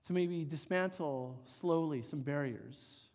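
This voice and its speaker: A middle-aged man preaching a sermon, telling a personal story in an animated, rambling way with many fillers. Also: on the high side, slow pace. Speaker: pastor. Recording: long hall reverb.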